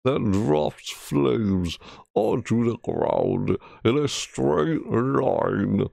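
A man reading aloud slowly as a menacing male demon, in a drawn-out, deliberate way. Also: mid-range voice, animated, gravelly, a little mellow, dry recording, exaggerated voice. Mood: ominous.

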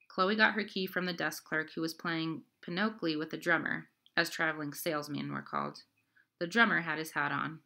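A woman reading a novel aloud in an even storybook manner, narrating the scenes. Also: low-pitched, normal speed, vocal fry. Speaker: audiobook reader. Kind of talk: scripted narration.

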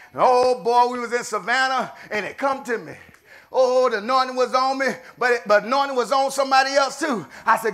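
A middle-aged man preaches a sermon, alternating between shouted declarations and low, murmured asides.

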